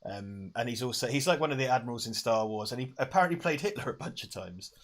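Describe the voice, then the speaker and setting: A man's voice: mid-range voice, animated, fast, fairly bright tone. A man co-hosting a film watch party, joking, swearing and laughing as he chats. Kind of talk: casual watch-along banter.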